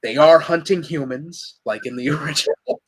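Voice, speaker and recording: A man's voice: a little high, normal speed, breathy edge, poor audio. A man co-hosting a live podcast, chatting casually and laughing often. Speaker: podcast co-host. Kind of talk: casual chat.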